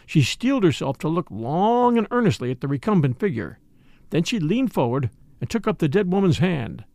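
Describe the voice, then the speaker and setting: A man reading a mystery novel aloud as an audiobook narrator in a measured, expressive way. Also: a little high, no room sound. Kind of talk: scripted narration.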